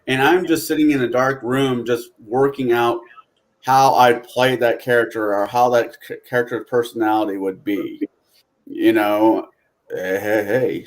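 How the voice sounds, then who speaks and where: Rambling, reflective man on a podcast. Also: mid-range voice. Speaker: podcast co-host. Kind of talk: casual podcast chat.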